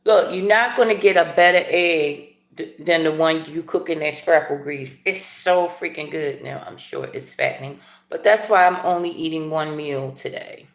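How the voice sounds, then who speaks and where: A middle-aged woman with a fairly low voice chats casually on a livestream, rambling and playful, sometimes jumping up into animated asides. The sound is echoey, as if in a bare room. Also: moderate pace. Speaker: livestream host. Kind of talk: casual live chat while eating breakfast.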